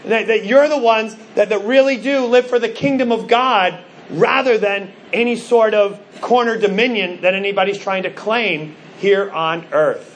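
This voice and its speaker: A middle-aged male pastor preaching a sermon, telling stories with animated, acted-out quotes. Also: sits high, moderate pace, hardly any pauses. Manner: animated storytelling, acts out quoted voices.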